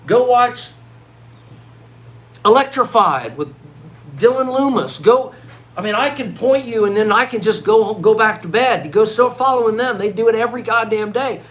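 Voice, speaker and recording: A man's voice: extremely high pitch, moderate pace. A middle-aged man delivering a worked-up vlog rant, full of restarts and repeated words. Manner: animated, worked-up ranting with many restarts. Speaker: vlogger. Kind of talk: ranting vlog monologue.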